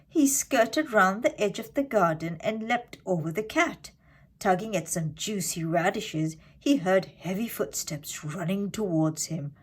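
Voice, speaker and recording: A woman narrates a children's storybook with expressive, animated reading. She takes her time, letting her pitch rise and fall widely to keep young listeners hooked.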